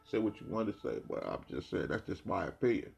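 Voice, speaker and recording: A man's voice: sits low, very animated, a little fast, faint music behind. A man from New Jersey talking in a casual monologue, ranting bluntly with heavy slang and a lot of repetition. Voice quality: gravelly, husky.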